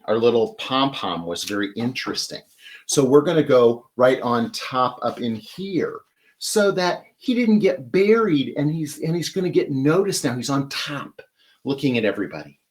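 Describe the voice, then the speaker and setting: A man hosting a live flower-arranging demonstration, chatty and enthusiastic as he talks while working with his hands. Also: medium pitch. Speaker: florist host.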